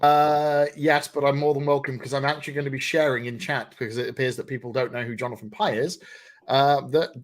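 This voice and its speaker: A man co-hosting a casual podcast, ranting and swearing with animated delivery. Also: mid-range voice, brisk. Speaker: podcast co-host.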